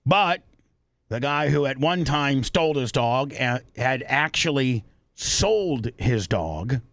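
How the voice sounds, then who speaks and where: A man's voice: mid-range voice, lively intonation, slow pace, a bit bright, dry recording. Man hosting a talk show, dry sound. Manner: retelling a news story with frequent repeats and restarts. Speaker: radio show host. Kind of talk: casual talk-show chat.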